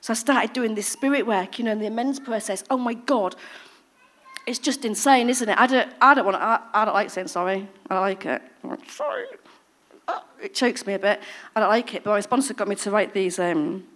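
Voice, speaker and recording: A woman tells her recovery story with animated, expressive delivery. She acts out the voices of people she quotes, and her volume swings from loud to barely a hush. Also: mid-range voice, a little fast. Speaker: speaker sharing recovery story. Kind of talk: personal recovery testimony.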